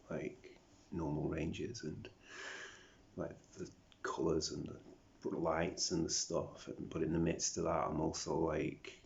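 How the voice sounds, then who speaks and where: A very deep, heavily gravelly man with a British accent who grew up in South Africa, rambling through a confessional video diary. He mumbles, swears freely and slips into whispers. The recording sounds dull and lo-fi. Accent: British, picked up over a South African upbringing. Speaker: vlogger.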